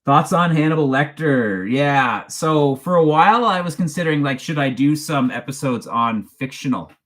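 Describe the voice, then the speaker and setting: A man's voice: fairly high pitch, expressive, moderate pace, a bit bright. A man, hosting a casual live-stream chat in a rambling, chatty way and laughing often as he reads viewer questions aloud. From Canada. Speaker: true crime channel host.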